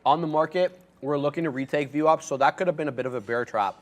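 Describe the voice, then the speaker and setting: A man's voice: a little high, fast talker. A man co-hosting a live day-trading stream in a studio, calling his trades and talking to the chat. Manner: upbeat, talks to chat. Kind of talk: casual live market commentary.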